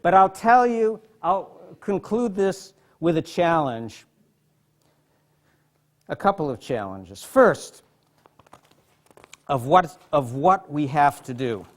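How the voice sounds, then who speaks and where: Slow, heartfelt male lecturer. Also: on the high side, lively intonation. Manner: slow, heartfelt, voice dropping soft and quiet in tender passages. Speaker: psychotherapist giving a lecture. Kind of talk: emotional lecture with literary readings. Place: hospital lecture hall.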